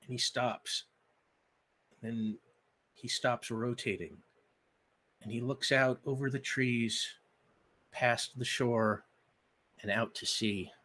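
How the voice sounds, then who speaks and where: Energetic male game master with lots of ums. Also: mid-range voice, takes it slowly, pauses often, a little hiss or hum. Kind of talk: live-stream announcements and story narration.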